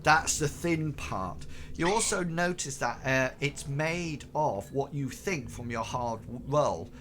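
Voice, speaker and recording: A man's voice: mid-range voice, expressive, takes it slowly, a bit bright. Guy running a tabletop game, lots of ums and restarts, noisy recording. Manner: hesitant, full of fillers and restarts. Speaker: game master.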